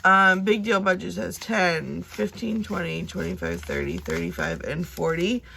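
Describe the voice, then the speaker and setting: A young woman chatting casually as she counts and sorts cash, talking to herself now and then and dropping into soft whispers. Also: lowish voice, big pitch swings, unhurried, gravelly, a little hiss or hum. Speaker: budgeting vlogger.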